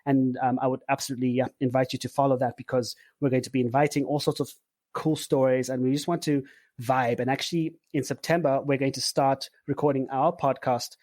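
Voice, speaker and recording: A man in his forties from Zimbabwe, a podcast guest talking in a relaxed, rambling way with filler words. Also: medium pitch, a little fast, dry recording. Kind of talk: casual interview chat.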